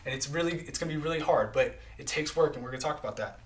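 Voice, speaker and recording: A man's voice: a little high, very fast. A man preaching a live-streamed sermon in an earnest, conversational way, often checking in with "right?" and "okay?".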